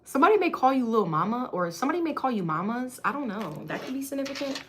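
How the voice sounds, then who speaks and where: A woman's voice: on the high side, big pitch swings, quick pace, fairly bright tone, a little hiss or hum. A woman, giving a casual, chatty tarot reading to camera with lots of slang and giggling. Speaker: tarot reader.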